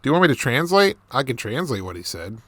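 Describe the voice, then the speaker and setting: A man reading a novel aloud and explaining it off the cuff, halting and self-deprecating with many restarts. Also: mid-range voice, big pitch swings, a bit bright, no echo. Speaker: reader.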